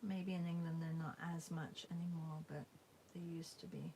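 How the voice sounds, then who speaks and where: A woman leads a live drawing class and chats casually as she works. Her voice is lowish and slightly gravelly, and she talks slowly and softly. She often slips into a half-whisper over faint background noise. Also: steady tone, rough recording. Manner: soft and musing, often dropping to a half-whisper. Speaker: art teacher hosting a live drawing class. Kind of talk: casual chat while drawing.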